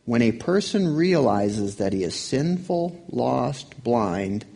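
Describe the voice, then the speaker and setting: A man's voice: mid-range voice, big pitch swings, slow, vocal fry, dark tone, breathy edge. A man preaching a sermon in a conversational way, asking his listeners questions. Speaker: pastor.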